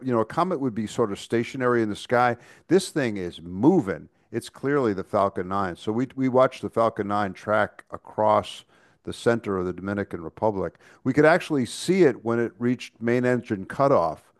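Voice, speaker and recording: A man with a lowish voice chats casually as a podcast co-host. He talks in a rambling way, restarting and stammering often. The sound is close and dry, with no room around it. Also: no room sound. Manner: chatty, many restarts and stammers. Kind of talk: casual chat.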